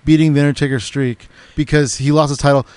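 Fast-talking opinionated man, smooth voice. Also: on the high side, fairly even intonation, darkish tone, no echo. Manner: opinionated, quick to correct and add his take. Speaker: podcast co-host. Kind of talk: casual chat.

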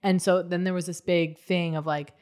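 A woman's voice: lowish voice, level tone, darkish tone. Playful woman podcast co-host. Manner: quick reactions, playful teasing. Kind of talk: casual chat.

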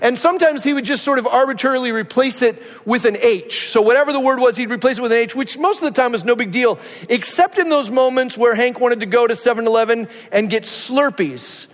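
A man's voice: very high voice, fairly quick, hardly any pauses. A man preaching a sermon as a pastor, telling stories conversationally and often asking "right?". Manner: conversational storytelling, asks rhetorical "right?". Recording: long hall reverb.

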